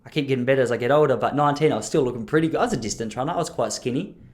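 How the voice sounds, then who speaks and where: A man's voice: medium pitch, rapid-fire. A man, rambling and joking about himself as a podcast host. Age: 30s. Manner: self-deprecating, rambling with restarts and laughs. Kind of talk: solo rambling podcast monologue.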